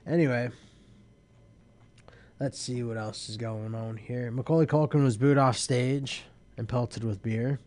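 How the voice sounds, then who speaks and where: A young man hosts a live internet radio show in a loose, rambling way. He sounds tired and keeps yawning, and he drifts from band lists to news items at an easygoing pace with a voice of ordinary pitch. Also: darkish tone. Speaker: host.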